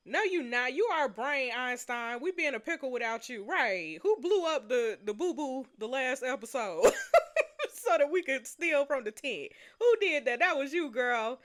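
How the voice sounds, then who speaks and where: A woman's voice: high voice, normal speed. A woman playing through a story game, chatting playfully to her viewers between lines. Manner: animated, playful, talks to viewers. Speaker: game player. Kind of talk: casual game commentary.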